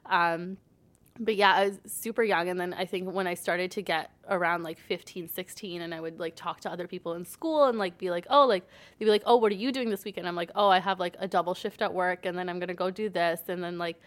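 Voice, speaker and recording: A woman's voice: fairly low pitch, brisk. A young woman from Canada telling stories from her life in a casual podcast chat, filling nearly every phrase with "like" and acting out the voices of the people in them. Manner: chatty, says "like" constantly, acts out quoted dialogue. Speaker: podcast guest.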